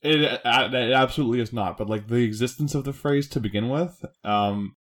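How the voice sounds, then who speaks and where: A man's voice: mid-range voice, a little fast. A man co-hosting a podcast, explaining in casual talk full of filler words and restarts. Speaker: podcast co-host. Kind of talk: casual chat.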